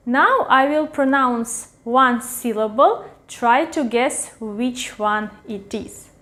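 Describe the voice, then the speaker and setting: A woman teaching beginners, slowly sounding out letters and syllables and repeating each one, with short praise in between. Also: fairly high pitch, fairly bright tone. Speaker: language teacher. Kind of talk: slow beginner pronunciation lesson.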